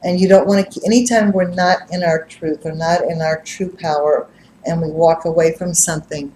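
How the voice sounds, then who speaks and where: A middle-aged woman, a psychic reader, telling stories casually to a live group, lively and laughing as she acts out what others said. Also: on the low side, moderate pace, roomy sound, slight background noise, low-quality recording. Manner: animated, laughs and acts out quotes. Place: live-streamed gathering room.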